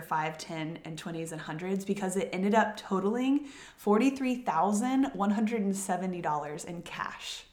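A woman with a Southern US accent hosting a podcast, telling a story in a chatty, giggly way and stumbling over names. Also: medium pitch. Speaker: podcast host. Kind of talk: casual storytelling chat. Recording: echoey room.

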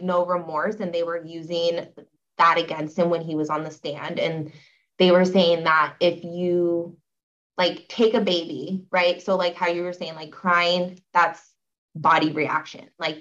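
A woman's voice: on the low side, a bit bright. A young woman guest on a podcast, chatting casually with lots of fillers as she tells a story. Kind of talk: casual interview chat. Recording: dull, slightly lo-fi audio.

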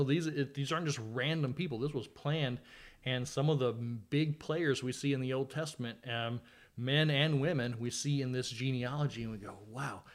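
A man hosting a podcast, chatting casually about scripture with a guest, conversational and sometimes sarcastic. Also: medium pitch. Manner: conversational, with fillers and dry sarcasm. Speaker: podcast host. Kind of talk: casual Bible study chat.

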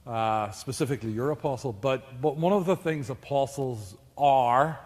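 A man's voice: medium pitch, moderate pace, darkish tone, long reverb tail. A man preaching a sermon in a church, chatty and joking with the congregation.

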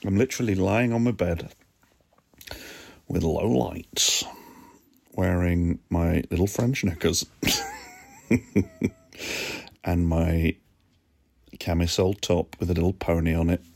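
Podcast host, male, deep, slow and husky, drowsy chat from bed, phone-recorded. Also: fairly even intonation, a little mellow. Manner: sleepy, yawning, self-mocking. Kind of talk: relaxed reflective solo chat. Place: lying on his bed at home. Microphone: phone voice notes app.

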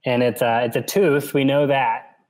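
A man co-hosting a casual podcast, reading a novel aloud and explaining it as he goes, relaxed and often laughing. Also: medium pitch, normal speed, rough recording.

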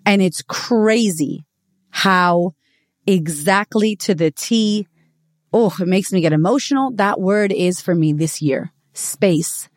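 A woman hosting a casual motivational podcast, candid and expressive, who swears freely and acts out the voices in her stories. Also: medium pitch, slow pace, no echo, studio quality. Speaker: podcast host.

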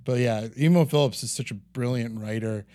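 A man who is a guest on a podcast, chatting casually about comedy and teasing with quick joking asides. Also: medium pitch, warm tone, no room sound.

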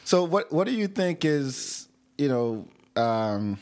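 A man's voice: fairly high pitch, big pitch swings, slow, darkish tone. A man hosting a casual interview, asking questions and throwing in teasing, joking asides. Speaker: podcast host.

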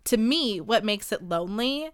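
A woman in her late twenties hosting a podcast, talking in a chatty, self-deprecating way with lots of fillers and sudden jumps in pitch. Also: animated, moderate pace, clear, resonant tone, dry recording, studio quality. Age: late 20s. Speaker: podcast host. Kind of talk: casual confessional chat.

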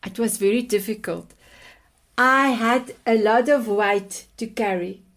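Speaking as a podcast guest, this woman in her fifties tells her own story with heartfelt affection, returning again and again to endearments. She is South African, Afrikaans is her first language, and her accent shows it; her fairly high voice is unhurried and slightly bright.

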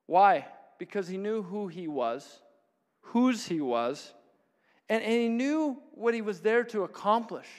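Speaking a little slowly in a high, sing-song voice, this pastor delivers a sermon full of stories. He chuckles frequently and plays out the voices of others, all carried by the long reverb of a church hall.

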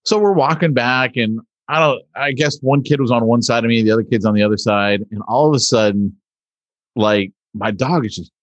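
A man co-hosting a podcast in a relaxed, chatty way, telling family stories at an easy clip. His voice sits at a middle pitch, and the recording is dry and close with little room sound. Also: normal speed, no echo, muffled recording. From Southern California. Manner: relaxed storytelling. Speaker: podcast co-host. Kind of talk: casual chat.

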